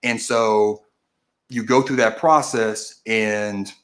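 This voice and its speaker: Speaking slowly with a fairly low, fairly bright voice and fairly even intonation, a man hosts a political stream. He goes through a process step by step in a relaxed, methodical manner, repeatedly stopping mid-sentence to correct himself and start again, all picked up by a camera's recording.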